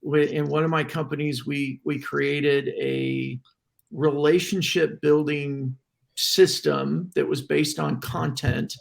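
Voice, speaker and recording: A man's voice: fairly high pitch, fairly even intonation, takes it slowly, gravelly. A man on a casual panel discussion, reflective and questioning as he thinks aloud.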